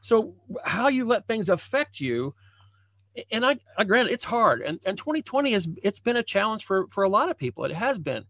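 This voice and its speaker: Higher-voiced man coaching over a video call. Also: very animated, normal speed, a bit bright. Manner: conversational, repeats phrases and restarts often. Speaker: leadership and success coach. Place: home room with a banner hung as backdrop.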